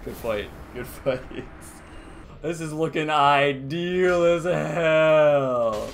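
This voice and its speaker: A young man giving playful gameplay commentary, laughing often and breaking into sudden excited yelps. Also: fairly high pitch, very slow, vocal fry, slight background noise. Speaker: gaming YouTuber.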